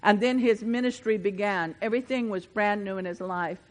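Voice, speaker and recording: An older woman preaching a sermon, moving between fervent, building passages and chatty asides with the congregation. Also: moderate pace. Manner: swells louder and higher when preaching, drops to chatty asides with the congregation.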